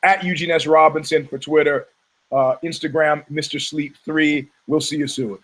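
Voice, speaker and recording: A man's voice: on the high side, steady tone, normal speed, fairly bright tone, poor audio. An American man hosting a podcast, telling a long story in casual, profane style and acting out the people he quotes. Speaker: podcast host.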